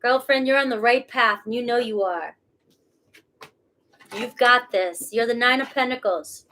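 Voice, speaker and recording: A woman's voice: on the high side, unhurried, bright, forceful tone, a little hiss or hum. A woman with a Boston accent, reading tarot cards live in a casual, chatty way and swearing freely. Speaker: tarot reader.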